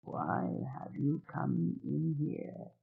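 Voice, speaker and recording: A narrator putting on a gravelly older woman. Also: very animated, extremely slow, faint music behind, full character voice. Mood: wary. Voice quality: gravelly, low, hushed. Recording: tinny phone-like sound.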